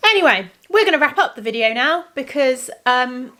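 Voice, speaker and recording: A woman's voice: high voice, lively intonation, normal speed, pushed and bright. A woman vlogger chatting casually to camera in the evening, with lots of ums. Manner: chatty, many ums, laughs often.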